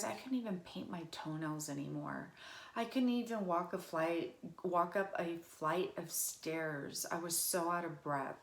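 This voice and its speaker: A woman, speaking slowly in a lowish voice. She talks in a halting, emotional way, full of fillers and restarts. The recording has a roomy echo. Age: 40s. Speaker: vlogger. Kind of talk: casual personal vlog. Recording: echoey room.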